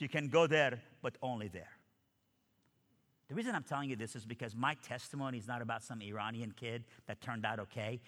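A man's voice: mid-range voice, pushed and bright. A man giving a storytelling testimony, acting out the dialogue as he goes. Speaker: speaker giving his testimony. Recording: long hall reverb.

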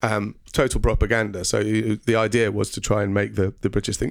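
A man's voice: on the low side, little pitch movement, fairly quick, creaky, dry recording, clean studio sound. A man hosting a casual educational podcast, talking with frequent ums and quizzing his co-host.

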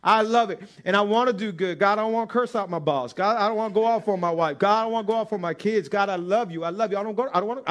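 High-voiced animated male preacher. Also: very fast, hardly any pauses. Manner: animated preaching, swings from soft murmurs to loud near-shouted pleas; acts out scripture in first person. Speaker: pastor. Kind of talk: sermon.

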